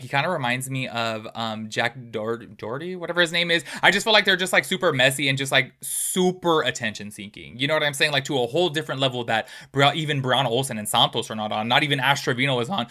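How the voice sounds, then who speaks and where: A man hosts a casual commentary video, chatting at a brisk clip and turning often to his viewers. His voice is bright and forward. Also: medium pitch. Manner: chatty, animated, addresses viewers as y'all. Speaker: host.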